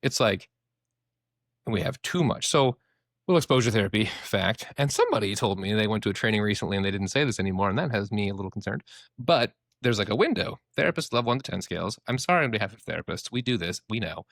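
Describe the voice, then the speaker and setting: Casting: young male therapist, quick and animated, low voice, dry close mic. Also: creaky, no echo. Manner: animated, swears casually, acts out inner voices. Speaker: therapist, podcast co-host. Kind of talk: casual podcast explanation.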